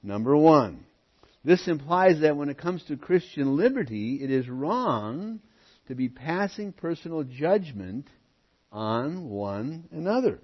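Husky-voiced man preaching an expository sermon. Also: fairly high pitch, sing-song, slow, highs cut off. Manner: emphatic, often drops to quiet asides. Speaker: pastor. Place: church.

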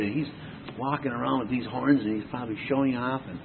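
A man preaching a verse-by-verse Bible sermon, breaking in with rhetorical questions and lively asides. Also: mid-range voice, fast, creaky, noisy background. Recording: tinny phone-like sound in a reverberant hall.

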